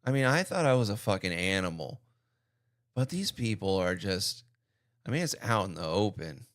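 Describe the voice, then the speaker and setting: Profane man in a dry, smooth commentary voice. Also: on the low side, lively intonation, moderate pace, fairly bright tone, no room sound. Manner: blunt, profane, riffing. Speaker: reaction video host. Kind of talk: crude reaction commentary.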